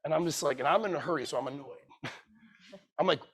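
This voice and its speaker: A man's voice: on the high side, a little fast, a bit bright. A middle-aged man telling a sales story at a conference, acting out every line of dialogue. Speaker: keynote speaker. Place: conference room.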